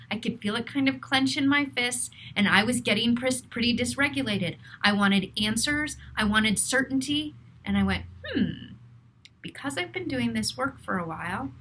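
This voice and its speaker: A middle-aged woman speaks to camera as a therapist, working earnestly through her own feelings. Her voice sits fairly high and rings bright and forceful. A faint hum of ambient noise sits behind her. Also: rough recording. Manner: earnest, self-reflective, talks through feelings aloud. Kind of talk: reflective talk to camera.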